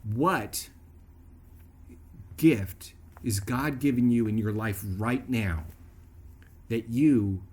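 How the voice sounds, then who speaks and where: Man telling a personal story, chatty and animated. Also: medium pitch, very slow, long pauses, slightly rough. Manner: conversational, animated storyteller who keeps checking in with "right?". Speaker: video host.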